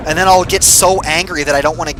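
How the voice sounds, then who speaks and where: A young man giving casual gameplay commentary, excitable and quick to swear and yell when he gets frustrated. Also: on the high side, over music.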